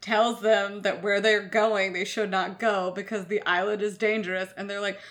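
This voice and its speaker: A woman's voice: mid-range voice, flat delivery, normal speed, a bit bright. A woman co-hosting a casual chat, animatedly retelling scenes and swearing often. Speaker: podcast co-host.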